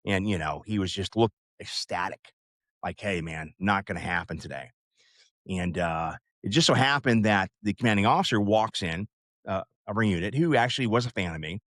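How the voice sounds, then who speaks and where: A man's voice: lowish voice, lively intonation, a little fast, a bit bright, no room sound, studio quality. A man in his fifties casually telling a personal story, rambling with lots of fillers and asides. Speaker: podcast host.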